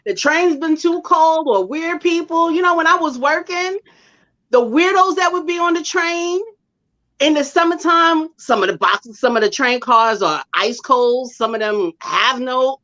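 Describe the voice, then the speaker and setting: Chatty high-voiced woman panelist. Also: lively intonation, unhurried, sharp tone, muffled recording. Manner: chatty, agreeing, storytelling. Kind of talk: casual panel talk.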